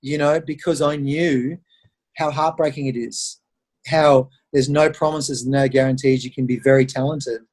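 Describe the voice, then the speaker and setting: Guesting on a podcast, a husky-voiced Australian man tells stories at normal speed in a mid-range voice. He's an animated storyteller in conversational interview mode, performing the voices of the people he quotes.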